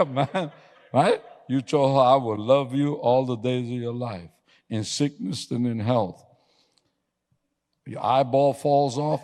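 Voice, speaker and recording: Animated pastor preaching in a reverberant hall. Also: male voice, mid-range voice, slow, pauses often. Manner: animated storytelling with sudden yelling and laughter. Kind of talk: sermon. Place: church sanctuary.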